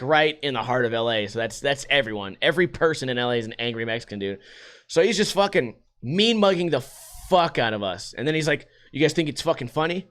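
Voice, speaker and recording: A young adult man from Las Vegas telling stories in a casual, profane rant, acting out what other people said. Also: mid-range voice. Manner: profane, animated, acts out quotes in other voices. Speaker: podcast host.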